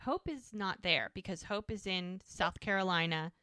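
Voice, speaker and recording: A woman's voice: on the low side, animated, normal speed, sharp tone, no echo, studio quality. A woman co-hosting a podcast, recapping an episode in casual chat and acting out the characters' lines as she goes. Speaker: podcast co-host.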